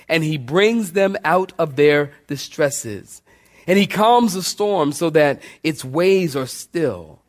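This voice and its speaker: A male pastor preaching a sermon with dynamic swings in pitch and loudness, calling out to the congregation.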